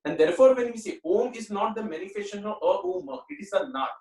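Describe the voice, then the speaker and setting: A man's voice: high-pitched, expressive, quick pace, darkish tone. A man giving an earnest spiritual talk, often repeating himself and saying "you know". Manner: earnest, repetitive, many "you know" fillers. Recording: roomy echo, mic at a distance.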